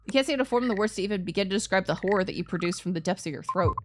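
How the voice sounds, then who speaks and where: A woman streamer reading a horror game aloud, breaking off into loud, startled reactions. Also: mid-range voice, lively intonation, rapid-fire, noisy background. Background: music.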